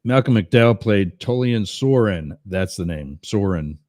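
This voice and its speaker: Deep-voiced teasing talk show host. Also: male voice, lively intonation, a little slow, darkish tone, no echo, studio quality. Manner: teasing, jokey asides to the chat. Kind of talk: casual political talk show banter.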